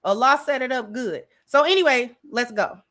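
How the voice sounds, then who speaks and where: A woman hosting a commentary channel, talking in a slow, deliberate and emphatic way as she reacts to a clip. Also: on the high side, expressive, a bit bright.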